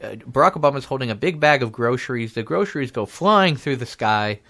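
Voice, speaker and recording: A man's voice: medium pitch, lively intonation, fairly quick, fairly bright tone. A young man hosting a casual comedy talk show on college radio, rambling and spinning silly made-up stories. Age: young adult.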